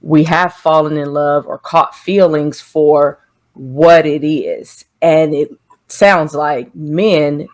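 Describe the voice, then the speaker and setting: A woman co-hosting a relationship podcast in casual chat, thinking out loud with quick asides and short affirming replies. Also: low voice, fairly even intonation. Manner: reflective, quick asides, lots of affirming "mm-hmm". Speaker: podcast co-host.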